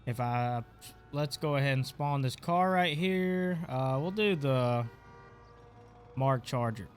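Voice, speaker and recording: A man's voice: mid-range voice, slow pace, soft background music. A man hosting a casual gaming tutorial, talking offhandedly while clicking through settings, his voice stuffy and congested. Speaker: gaming channel host. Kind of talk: casual screen-recorded tutorial.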